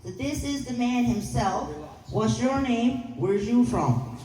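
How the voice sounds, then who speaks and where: Middle-aged Newfoundland woman hosting a lively ceremony, high-ish, heard from afar in a roomy hall. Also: slow pace, slight background noise. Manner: folksy, joking, loud to a crowd. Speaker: ceremony host. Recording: roomy hall from a distance with crowd.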